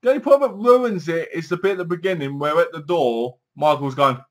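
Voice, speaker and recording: A man's voice: fairly high pitch, brisk. Chatty man reviewing a show. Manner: chatty, acts out scenes with sighs and gasps. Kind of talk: casual spoken review.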